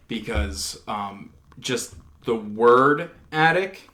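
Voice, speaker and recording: A man's voice: lowish voice, steady tone, normal speed, noisy background. A man, a paranormal investigator guest, earnestly telling a story in a casual podcast chat, with frequent restarts. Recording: roomy echo.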